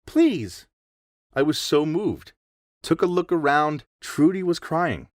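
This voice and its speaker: A young man narrating a first-person story in a reflective, expressive way. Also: a little high, unhurried, dry recording, clean studio sound.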